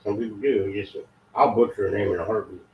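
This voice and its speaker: A man's voice: lowish voice, quick pace. A man chiming in casually from across the room with short, offhand remarks. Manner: lively, offhand interjections. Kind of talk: casual off-mic chat. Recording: distant echoey lo-fi room sound.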